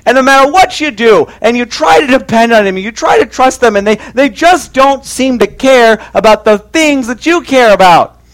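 High-voiced man telling a comic story. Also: normal speed. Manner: animated, exaggerated comic delivery. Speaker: speaker telling a story to an audience.

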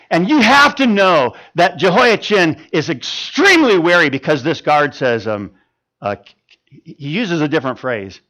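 A man's voice: fairly high pitch, measured pace. A man preaching a sermon, retelling a story with lots of stammered repeats. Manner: animated, stammering repetitions.

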